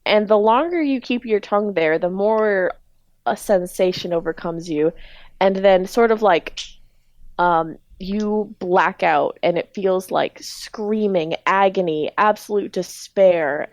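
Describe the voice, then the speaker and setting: A woman's voice: medium pitch, slow, a little mellow, no echo. Dry-sounding woman game master, casual. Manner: casual, many ums and likes. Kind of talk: narrating a tabletop game.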